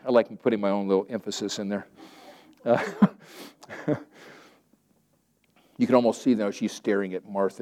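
A male pastor with a lowish voice delivers a sermon, swinging from loud, emphatic declarations to quiet, conversational asides.

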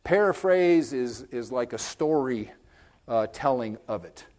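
A man preaching a conversational sermon, folksy and direct with his listeners, swinging from loud emphasis to hushed, whispered moments. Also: mid-range voice, lively intonation, unhurried. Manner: folksy, direct, addresses listeners with okay and amen.

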